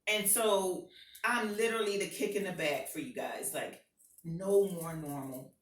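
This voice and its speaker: A woman giving an impassioned personal testimony to a live audience, swinging from hushed to shouting. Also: lowish voice, unhurried. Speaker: motivational speaker. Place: event hall with an audience. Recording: echoey hall, voice picked up from far off.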